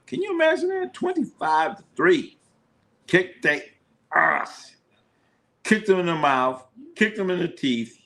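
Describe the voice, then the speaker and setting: On a live stream, a man with a medium-pitched, fairly bright voice gives a casual football score recap. He's a sports streamer who rambles, curses, and circles back over the same points while riffing.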